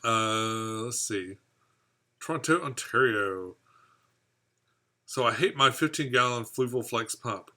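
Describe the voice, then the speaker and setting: A man's voice: mid-range voice, lively intonation, takes it slowly, long pauses, pushed and bright. A man hosting a live fishkeeping stream, reading viewer comments aloud and chatting in a rambling, easygoing way. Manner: rambling, chatty, laughs at own jokes. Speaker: fishkeeping channel host.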